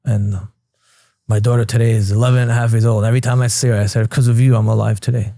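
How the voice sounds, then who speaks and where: This thirty-something Queens native speaks fast in a flat, creaky, mellow mid-range voice, recounting his life candidly on a podcast. He swears without restraint and replays old scenes with quoted dialogue. The studio-quality recording is dry.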